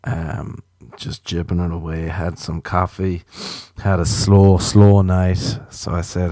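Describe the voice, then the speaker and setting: A man hosting a solo late-night podcast, rambling and joking at his own expense with sudden jumps in pitch. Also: little pitch movement, slow, dark tone, no room sound, studio quality. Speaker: podcast host.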